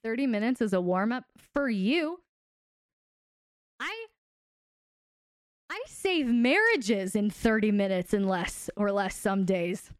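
A woman's voice: medium pitch, lively intonation, takes it slowly, pauses often, clear, resonant tone, no room sound, clean studio sound. A woman hosting a live stream who wraps up casually, teasing viewers and answering chat with plenty of laughter. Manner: playful and teasing, laughs often. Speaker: host and relationship coach.

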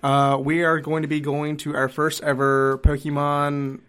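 A man co-hosting a podcast in casual chat, easygoing and loose, filling pauses with uh and like. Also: fairly high pitch, monotone, a bit bright, smooth. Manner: easygoing, with many fillers like uh and like. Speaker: podcast co-host.

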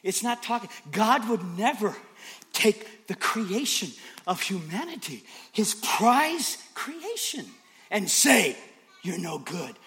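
Male preacher, higher pitch, very lively delivery, jumps from whispers to shouts, emphatic repetition. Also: slow. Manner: dramatic swings from hushed whispers to shouts. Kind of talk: sermon.

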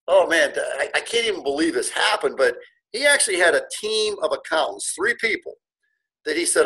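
A middle-aged man recounts his story in a relaxed interview, speaking with earnest, animated feeling and often restarting his sentences. His voice sits a bit higher than most men's and has a husky edge. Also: fairly quick, rough recording. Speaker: guest, car dealership owner.

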